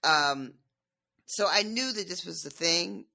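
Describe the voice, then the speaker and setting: A podcast co-host in loose, casual chat who laughs often and swears freely. The voice swoops up and down and sounds bright and forward. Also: medium pitch, animated, measured pace, creaky.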